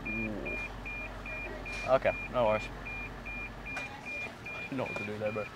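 A man's voice: fairly low pitch, level tone, unhurried, very noisy. A young man, joking, swearing and laughing in casual banter as co-host. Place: inside a car.

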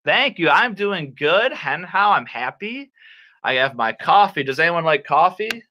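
A man's voice: on the high side, sing-song, measured pace, bright, forceful tone, muffled recording. A man from Michigan teaching an online English class to children, playful and exaggerated, with silly sound effects. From Michigan, USA. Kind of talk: animated kids' online class.

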